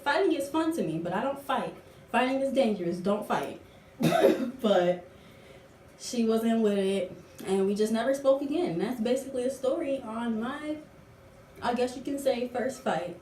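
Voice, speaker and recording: A young adult woman telling a story in a casual vlog, animated and full of slang. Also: on the high side, moderate pace, a little hiss or hum. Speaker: vlogger. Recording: roomy echo, distant from mic.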